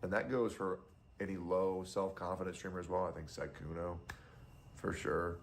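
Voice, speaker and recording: A man's voice: low-pitched, fairly even intonation, moderate pace, creaky, a little hiss or hum. A young adult man streamer giving casual, blunt and profane commentary.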